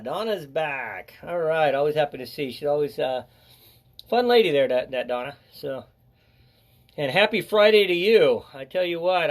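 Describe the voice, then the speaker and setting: An older man hosting a casual live educational stream, chatty and joking as he greets viewers by name. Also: fairly high pitch.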